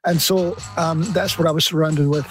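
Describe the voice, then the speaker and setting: A man's voice: fairly high pitch, fairly even intonation, normal speed, faint music behind. An older Scottish man, a musician guest in an interview, talking in a reflective way with many restarts. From Scotland. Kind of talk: relaxed conversational interview.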